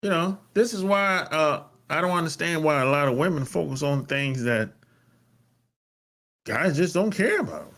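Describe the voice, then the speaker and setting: Blunt, profane man with a lively voice. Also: normal speed. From North America. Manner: blunt, profane and emphatic, with sudden pitch jumps. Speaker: podcast host. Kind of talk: casual monologue.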